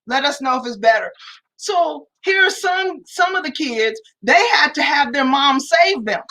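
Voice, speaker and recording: Animated high-voiced woman livestream host. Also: a little slow, slight background noise, rough recording. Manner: animated storytelling, addresses viewers as y'all. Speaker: co-host of a family talk livestream. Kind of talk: casual livestream chat.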